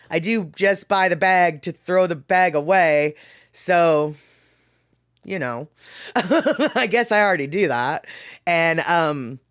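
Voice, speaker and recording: A woman's voice: on the low side, dry recording, studio quality. A woman hosting a casual livestream, reading viewer comments aloud and chatting with frequent laughs and rambling asides. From Pacific Northwest, US. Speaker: livestream host.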